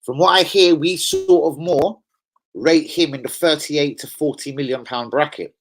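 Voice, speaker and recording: A man's voice: on the high side, normal speed. A man ranting angrily on a live stream as a football fan streamer, swearing heavily and getting worked up. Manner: angry, profane, heated.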